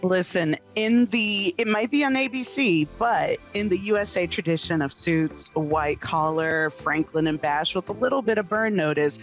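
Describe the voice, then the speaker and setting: A woman film critic reviewing a series in casual chat, animated and laughing, with plenty of fillers. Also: lowish voice, moderate pace, hardly any pauses, soft background music.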